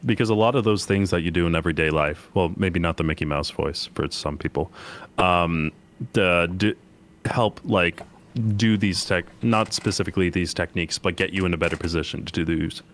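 A man who is a bass singer, explaining singing technique in a relaxed, halting way. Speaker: bass singer and vocal guest.

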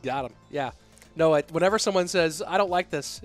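A man's voice: high-pitched, fast, faint music behind. A man hosting a live stream, rambling and joking casually as he talks straight to his viewers from his home setup. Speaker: stream host and caster.

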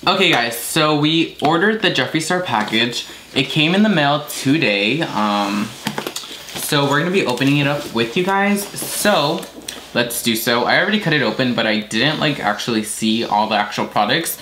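A man's voice: medium pitch, animated, normal speed, pushed and bright. Chatty young male vlogger, noisy video. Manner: chatty, unfiltered, casual swearing. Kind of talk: casual vlog chat.

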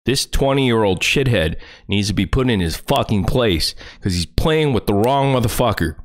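A man's voice: lowish voice, animated, normal speed. Furious, profane man ranting on stream. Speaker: livestreamer. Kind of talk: angry livestream rant.

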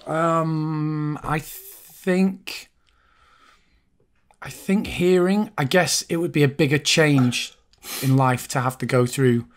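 A man's voice: on the high side, steady tone, slow, pauses often. A man co-hosting a podcast, telling funny anecdotes in casual chat and giggling as he goes. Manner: chatty anecdote teller, giggles while telling stories. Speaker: podcast co-host.

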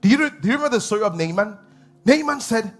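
A man preaching a sermon as pastor, animated, laughing and acting out voices. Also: high-pitched, rapid-fire, faint music behind. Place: church hall.

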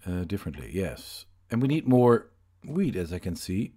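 A man's voice: low-pitched, animated, moderate pace, few pauses, dark tone. A man hosting a let's play, giving casual, rambling gaming commentary and often correcting himself as he goes. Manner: rambling, chatty, self-correcting.

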